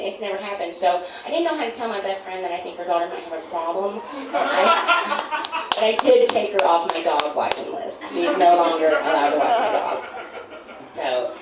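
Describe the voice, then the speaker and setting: Middle-aged woman doing stand-up, self-deprecating and rambly, lowish voice, kinda far from the mic w/ noise behind. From United States. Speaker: stand-up comedian. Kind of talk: stand-up comedy set. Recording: echoey room from far, noisy.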